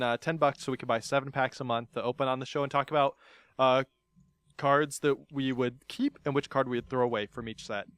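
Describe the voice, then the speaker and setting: A man's voice: mid-range voice, clean tone, no room sound, studio quality. A man hosting a casual podcast, playful and teasing, laughing often as he chats with his guest. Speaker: podcast host.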